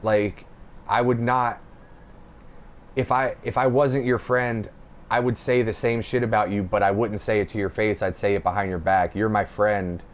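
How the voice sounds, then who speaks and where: A man's voice: on the low side, normal speed. A young man hosting a podcast, telling a rambling, profane story in casual chat. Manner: profane, rambling, animated retelling. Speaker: podcast host.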